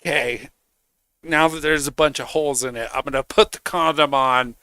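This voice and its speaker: A man's voice: mid-range voice, steady tone, normal speed, bright, forceful tone, clean tone, no echo. A man streaming, ranting casually in a heated, mocking way, swearing constantly. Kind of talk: casual rant.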